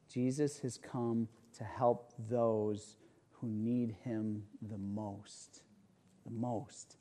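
Guy preaching casually, warm voice, keeps asking right? as he tells a story. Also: medium pitch, takes it slowly. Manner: animated storytelling, rhetorical asides. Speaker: pastor. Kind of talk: conversational sermon with personal story.

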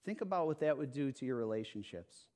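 A man's voice: medium pitch, expressive, quick pace, darkish tone. A man preaching a sermon, speaking with emphasis, repeating phrases and checking in with "okay?" and "right?". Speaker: pastor.

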